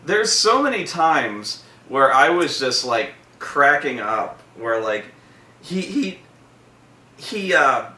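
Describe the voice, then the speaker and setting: A man chatting casually about a movie, rambling and swearing, bursting into loud acted-out quotes. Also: mid-range voice, very animated, slow. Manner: rambling, profane, acts out quotes in loud voices. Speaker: vlog host reviewing a movie. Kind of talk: casual chat. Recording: roomy echo, from a distance, faint noise.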